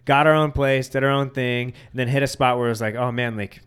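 A man's voice: medium pitch, fairly even intonation, fairly quick, a bit bright, smooth. A man in his late twenties chatting casually as a podcast co-host, laid-back and full of "like" and "you know what I mean". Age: late 20s. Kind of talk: casual chat.

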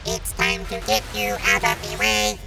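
Disastro, a woman voicing a squeaky, gravelly monster villain. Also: big pitch swings, normal speed, far from the mic, music in the background. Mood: gloating. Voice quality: squeaky, robotic childlike voice. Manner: gloating, threatening. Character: big scary male monster villain, menacing, broken voice box.

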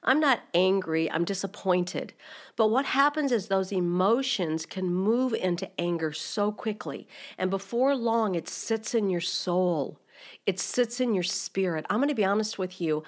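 A woman's voice: medium pitch, unhurried. A middle-aged woman hosting a faith-based podcast, teaching in an earnest, direct way and asking her listeners many rhetorical questions. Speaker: podcast host.

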